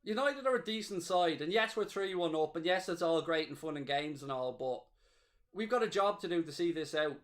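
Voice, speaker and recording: A man's voice: on the high side, brisk. A man hosting a live football watchalong, cheering, gloating and reading out viewer messages. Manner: excitable, cheering and gloating, reading chat aloud. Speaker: watchalong host. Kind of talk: live match watchalong commentary.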